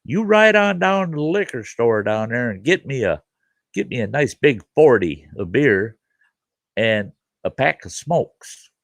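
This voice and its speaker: A man's voice: medium pitch, animated, measured pace, no room sound, pitched above the performer's own voice. A man voicing an old male town drunk who coaxes a boy to run errands for him. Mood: friendly. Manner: coaxing, calls the boy over.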